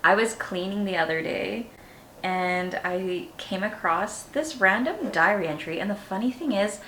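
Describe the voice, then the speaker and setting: Candid, lively-voiced young woman vlogger. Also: mid-range voice, a little slow, echoey room, a little hiss or hum. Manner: candid, self-mocking, laughs often and shrieks at her own past. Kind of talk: casual storytelling chat.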